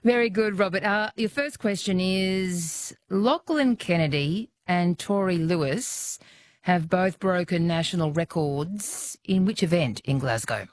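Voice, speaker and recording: Woman radio host, teasing, quick to laugh, dry studio sound. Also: lowish voice, expressive, no room sound. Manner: playful, teasing, laughs often. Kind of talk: casual radio chat.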